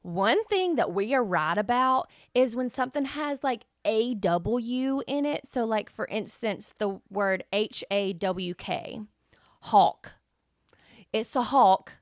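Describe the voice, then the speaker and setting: A woman in her thirties from the Southern US, her accent softened, speaking emphatically and with strong opinions as podcast co-host. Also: a little high, expressive, slow pace, no echo, studio quality. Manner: emphatic, opinionated, spells words out. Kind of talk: casual chat.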